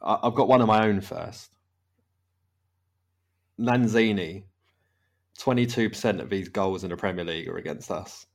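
Low-voiced man hosting a casual football podcast. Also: normal speed, vocal fry, pauses often. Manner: rambling, laughs often. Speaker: podcast host. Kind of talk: casual chat.

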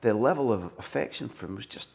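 A man's voice: mid-range voice, lively intonation, quick pace, vocal fry, a little mellow. A Scottish man hosting a podcast, a football journalist telling rambling, vivid anecdotes. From Scotland. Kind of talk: casual chat.

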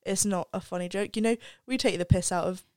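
A woman's voice: medium pitch, fairly even intonation, a little fast, a little mellow, no room sound. A young woman, a student guest on a podcast, talking candidly and reflectively in casual chat and swearing freely. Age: young adult.

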